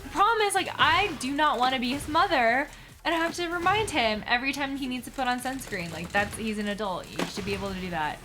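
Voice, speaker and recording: A woman's voice: sits high, fast, sharp tone, a little hiss or hum. A woman in her thirties, a doctor in training, chatting casually on a live stream in a bubbly way, with many fillers.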